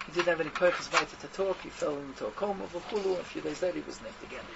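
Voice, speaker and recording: A man's voice: on the high side, rapid-fire, vocal fry. A man telling a Hasidic tale in a rambling, repetitive way. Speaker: storyteller. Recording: dull recording with steady noise.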